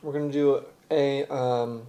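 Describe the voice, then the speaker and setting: A man's voice: medium pitch, little pitch movement, a little slow, warm tone. A man hosting a casual cooking livestream, chatting loosely while he eats and sets up the stream. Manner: chatty, talks while eating and handling gear. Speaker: livestream host.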